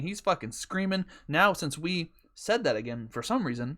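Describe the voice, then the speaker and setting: Podcast host, man, slightly higher voice, casual profane storyteller. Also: animated, normal speed, few pauses, fairly bright tone. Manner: profane, rambling, joking.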